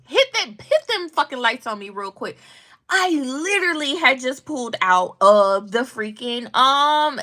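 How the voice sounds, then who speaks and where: A woman's voice: high voice, lively intonation, a little slow, sharp tone. A young adult woman vlogging, telling casual stories about the news in a blunt, slangy, profane way. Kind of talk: casual storytelling commentary.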